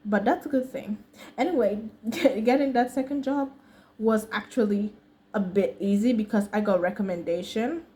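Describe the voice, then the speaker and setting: A woman vlogger with an American accent and a warm, medium-pitched voice tells a casual, slangy storytime story at normal speed. She laughs often between sentences.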